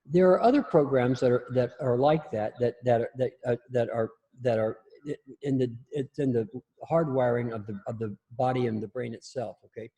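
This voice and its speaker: A man's voice: mid-range voice, normal speed, dark tone, breathy edge. A man teaching a class in a casual spoken style, often repeating and restarting his words, with blunt, salty humor. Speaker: instructor.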